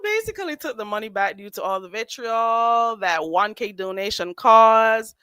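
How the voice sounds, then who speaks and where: Sassy bright-voiced woman streamer. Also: a little high, moderate pace, hardly any pauses, smooth, dry recording. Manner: sassy, animated, laughing often. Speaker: livestream host. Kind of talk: casual commentary chat.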